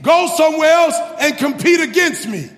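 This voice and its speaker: A man preaching a sermon, swinging between shouting and hushed intensity. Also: extremely high pitch, animated, moderate pace. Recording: long reverb, music behind. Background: faint music.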